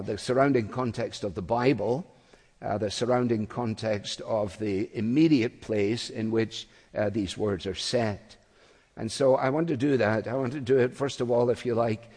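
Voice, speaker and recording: A man delivers an expository sermon from the pulpit, explaining each point in a measured, teacherly way. His voice sits at an ordinary middle pitch. It rings with the long reverb of a large hall. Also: darkish tone. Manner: measured, explanatory preaching with occasional fillers. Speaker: pastor.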